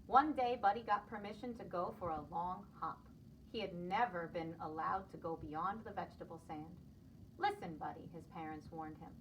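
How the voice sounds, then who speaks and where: A woman preschool teacher reading a picture book aloud to children, expressive and lively. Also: fairly low pitch, moderate pace, far from the mic, slight background noise, rough recording.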